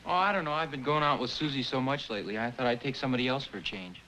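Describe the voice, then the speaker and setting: An actor playing an earnest, polite young college son in a 1950s sitcom, a little flustered. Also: male voice, mid-range voice, very fast, pushed and bright, a little hiss or hum, natural voice, poor audio. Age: young adult.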